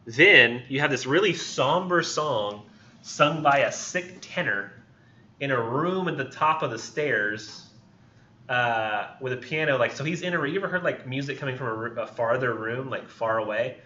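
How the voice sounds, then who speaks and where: A man's voice: mid-range voice, animated, moderate pace, pushed and bright. A male literature instructor retelling a story in a casual classroom lecture, full of "like" and "um", on a dull lo-fi recording. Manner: informal, retells the story with many fillers like "like" and "um".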